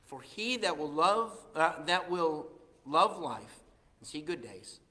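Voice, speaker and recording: A man preaches to his church with a bright, forceful voice, swinging from loud bursts to hushed asides. His sermon rings through a roomy hall with a long echo behind it. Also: fairly high pitch, very animated, takes it slowly. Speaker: pastor.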